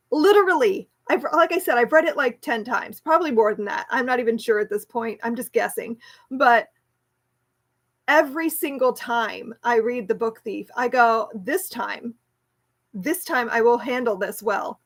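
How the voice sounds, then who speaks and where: A woman's voice: on the high side, a bit bright. A woman hosting a casual book club chat, rambling and enthusiastic, laughing easily and restarting her sentences often. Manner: chatty and rambling, with many restarts and fillers. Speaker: homeschool book club host.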